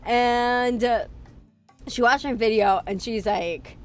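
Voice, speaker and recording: A woman's voice: mid-range voice, steady tone, takes it slowly. A young adult woman streaming, chatting casually in a rambling way with lots of fillers and self-deprecating laughs. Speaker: VTuber streamer. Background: faint music.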